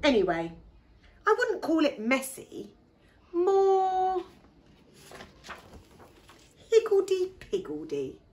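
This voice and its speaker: A woman reading aloud, voicing a calm, kindly father pig. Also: extremely high pitch, slow, pauses often, a little hiss or hum, voice pushed up, exaggerated voice.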